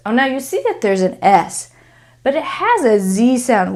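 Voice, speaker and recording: A woman's voice: on the high side, big pitch swings, moderate pace, darkish tone. A woman teaching English pronunciation, speaking carefully, repeating example phrases and often checking in with "okay?". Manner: frequent "okay?" check-ins.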